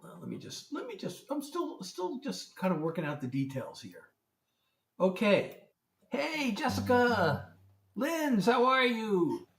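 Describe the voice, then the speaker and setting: A man's voice: high-pitched, wildly swooping pitch, a little slow, creaky, recorded from a distance. Chatty man on an echoey livestream. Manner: chatty, greets viewers by name, fumbles with setup. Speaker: singer-songwriter hosting a livestream. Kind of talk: casual livestream chat. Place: room at home lit by a ring light. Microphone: phone. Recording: echoey room, voice heard from off the mic.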